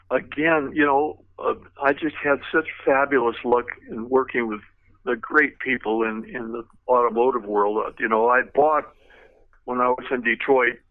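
A man's voice: mid-range voice, fairly even intonation, measured pace, dry recording. An older man, a retired car designer, telling stories in a rambling way with many fillers and restarts. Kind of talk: anecdotal storytelling. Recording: tinny phone-like line, dry.

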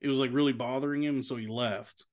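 A man's voice: medium pitch, fairly even intonation, fast. A man co-hosting a casual podcast, telling a long rambling story and saying "dude" often. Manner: mimics voices when quoting others. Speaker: podcast co-host. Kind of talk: casual chat.

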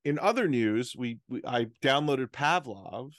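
A man's voice: medium pitch, measured pace, no room sound, clean studio sound. A man co-hosting a podcast in casual chat, telling stories in a swearing, self-deprecating ramble. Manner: profane, animated storytelling with self-deprecating rants. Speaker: podcast co-host.

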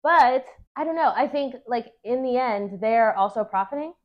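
A woman's voice: a little high, lively intonation, moderate pace, highs cut off. A woman co-hosting a casual podcast chat, talking loosely with lots of fillers and frequent laughs. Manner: chatty, laughs often, many "like" fillers.

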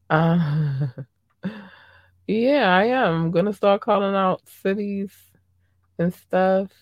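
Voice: medium pitch, creaky, a little mellow, dry recording. Gushing podcast host, dry close sound. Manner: gushing, affectionate, calls listeners babies and darlings. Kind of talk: casual livestream chat.

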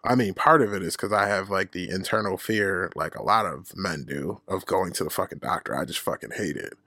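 Gravelly candid man telling a story. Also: sits low, brisk, sharp tone, no echo, studio quality. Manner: profane, candid, laughs at himself. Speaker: podcast host. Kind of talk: casual storytelling monologue.

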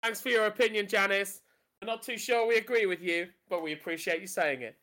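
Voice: mid-range voice, brisk, pushed and bright, natural voice. A performer playing a playful, jokey weather presenter on local radio in improv comedy.

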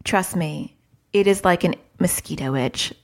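Woman podcast host, low pitch, gravelly, casual and frank, chatty. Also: normal speed. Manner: chatty, frank, laughs at herself. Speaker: podcast host, parenting educator.

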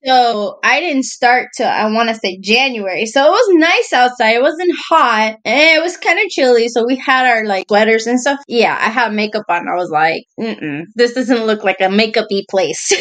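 A woman with a high voice talks in a chatty, easygoing way, laughing often as she tells the story. She calls her friend "girl" as she goes along. Her delivery is casual and conversational throughout. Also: animated, moderate pace, fairly bright tone. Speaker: podcast co-host.

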